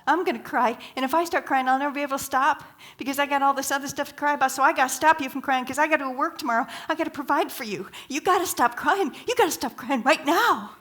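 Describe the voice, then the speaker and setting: A woman playing a frantic young father who begs his crying daughter to stop, his voice rushed, pleading and loud. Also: a little high, slightly rough, pitched above the performer's own voice.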